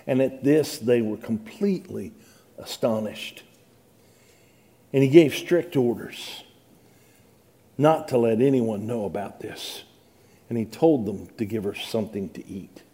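A man's voice: mid-range voice, a little slow, long pauses, dark tone. A middle-aged male pastor reading scripture dramatically and preaching with rising emphasis. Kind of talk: sermon.

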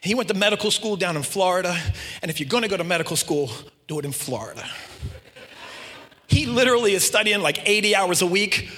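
A man preaching to a congregation, joking and animated, telling stories in a relaxed way. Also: high voice, a little fast, long pauses, big-room sound. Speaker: pastor. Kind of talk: sermon.

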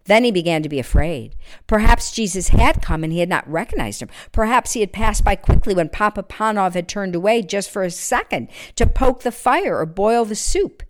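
A woman reading a Christmas story aloud, expressive, sometimes dropping to a near-whisper. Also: mid-range voice, moderate pace, few pauses.

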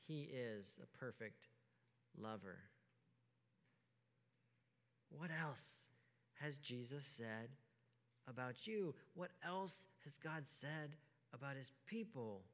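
A man preaching a sermon as pastor, emphatic, asking rhetorical questions and swinging from hushed to loud. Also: mid-range voice, expressive, slow pace. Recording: long hall reverb.

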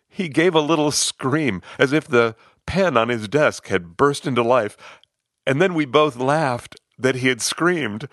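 A man coaching and telling a story in an expressive, animated way. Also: medium pitch, unhurried, no echo, studio quality. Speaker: leadership coach. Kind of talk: narrated storytelling.

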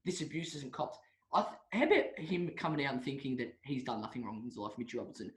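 A man's voice: mid-range voice, animated, quick pace. A young Australian man in his late teens to twenties, rambling and giggling through comedic podcast banter. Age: young adult. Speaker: podcast co-host. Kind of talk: comedic chat. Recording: roomy echo.

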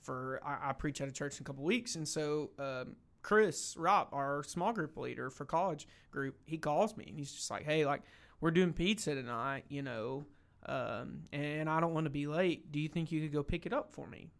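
A man's voice: a little high, normal speed, vocal fry, a bit bright. A young man talking earnestly about faith in a casual discussion, emotional and full of restarts. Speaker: lay preacher.

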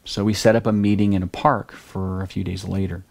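A middle-aged man preaching a sermon, telling a family story in a conversational way that grows lively at the dramatic moments. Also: deep voice, a little fast, vocal fry. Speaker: pastor.

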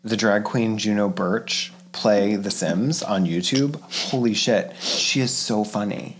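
A woman's voice: extremely low pitch, takes it slowly. Chatty woman riffing on a movie. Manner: chatty, swearing, excitable asides. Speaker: podcast co-host. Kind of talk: casual movie-watching commentary.

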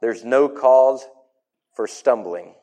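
A man preaching a sermon in an emphatic way, his voice swinging between loud and soft. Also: mid-range voice, slow pace.

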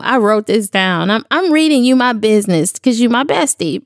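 A woman's voice: fairly high pitch, lively intonation, normal speed, few pauses, no room sound. A woman speaking in a studio, giving a candid, emotional devotional talk to her audience in a casual, slangy way.

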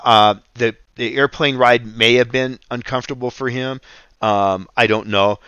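A man hosting a radio ministry show, teaching and reading scripture in an earnest, unhurried way. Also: mid-range voice, fairly even intonation, sharp tone, clean tone, no room sound. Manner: slow, earnest, reads scripture aloud.

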